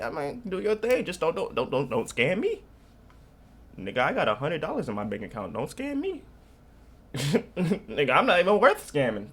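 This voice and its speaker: A man's voice: mid-range voice, a bit bright. A young man from North Carolina rambling in slangy casual reaction commentary. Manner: rambling, slangy, laughing storyteller. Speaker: reaction streamer.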